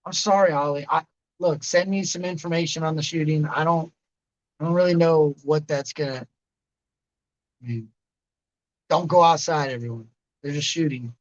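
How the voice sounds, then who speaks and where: A man's voice: a little high, moderate pace, pauses often, muffled recording. A man in his late thirties hosting a livestream, rambling casually and answering chatters by name. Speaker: livestream host reading chat.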